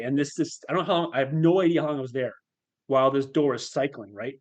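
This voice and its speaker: A man speaking as a guest on a podcast, telling a personal story in a reflective, halting way. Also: medium pitch, muffled recording. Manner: reflective and halting, with fillers and restarts.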